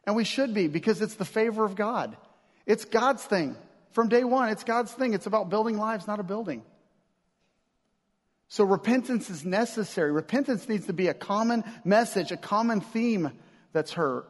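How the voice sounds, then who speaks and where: A man's voice: sits high, moderate pace. A man preaching a sermon as pastor, in a casual, conversational way with slang and acted-out asides. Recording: long hall reverb.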